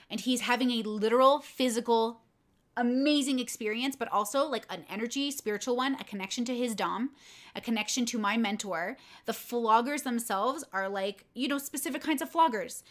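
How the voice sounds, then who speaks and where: A young woman talks to her viewers in a loose, candid way, wandering through a personal story with plenty of "like" and "um" along the way. Her voice sits a little on the high side. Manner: candid, rambling storytelling with many fillers. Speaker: content creator and streamer. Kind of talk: casual livestream talk.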